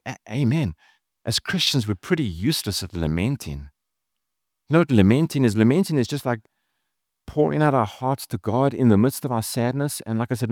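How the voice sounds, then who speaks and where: A man's voice: medium pitch, darkish tone, no echo, clean studio sound. A man, a pastor, giving an earnest, conversational sermon with casual asides.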